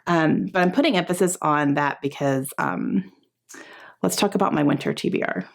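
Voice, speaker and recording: A woman vlogger chatting casually to camera about books, often laughing and filling pauses with "um". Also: low voice, vocal fry. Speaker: book vlogger.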